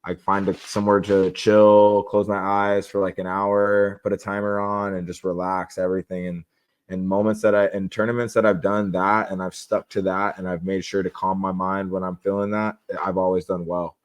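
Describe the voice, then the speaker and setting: A man's voice: deep voice, flat delivery, moderate pace, clear, resonant tone. A young man as a podcast guest, talking candidly and casually about how he prepares for competition, with rambling restarts. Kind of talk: casual interview talk.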